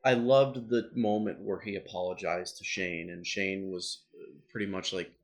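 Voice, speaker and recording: Man, lowish voice, casual review chat, chatty, restarts sentences. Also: fairly even intonation, moderate pace. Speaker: show co-host.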